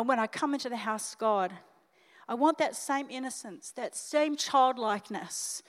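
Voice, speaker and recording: Older Australian woman pastor, high voice, lively sermon in a reverberant church hall. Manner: animated, emotional, talks straight to the congregation. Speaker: senior pastor.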